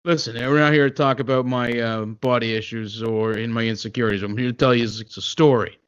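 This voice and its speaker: A man putting on a gruff, boastful metal-singer storyteller who brushes off every question with a dismissive "okay?". He stumbles through the tale with constant "uh"s at a middling pitch. The podcast audio is slightly dull. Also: fairly even intonation, fairly quick, lightly acted. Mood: grumbling. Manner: dismissive, hesitant, full of "uh" and "okay?". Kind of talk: comedy sketch impression.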